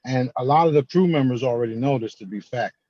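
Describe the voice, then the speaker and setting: A man's voice: mid-range voice, fast talker, mellow, dry recording, lo-fi sound. A man hosting a video call group, talking in a laid-back, boastful way. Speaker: host. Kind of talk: casual chat.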